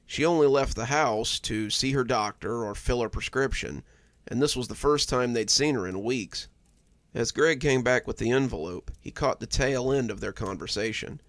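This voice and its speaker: A man narrating a cozy horror story in a calm, measured storytelling voice. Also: medium pitch, no echo.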